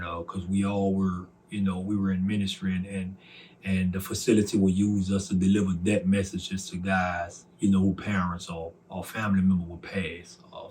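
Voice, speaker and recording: Low-voiced man with a Southern accent. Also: a little mellow. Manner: earnest, emotional storytelling with repetitions. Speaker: testimony speaker. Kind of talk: personal testimony, conversational.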